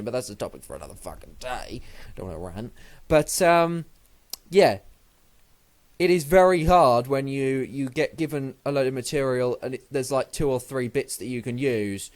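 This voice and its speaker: A man talks through a wrestling episode in a loose solo review, cursing freely and trailing off mid-sentence. He sounds groggy, as if he has just woken up, and his pitch sits in an ordinary middle range. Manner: rambling, sweary, loses his train of thought. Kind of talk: casual solo review vlog.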